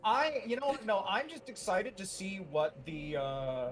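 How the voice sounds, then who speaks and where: Excitable man bantering on stream. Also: sits high, measured pace, music in the background. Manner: excitable, swearing, teasing.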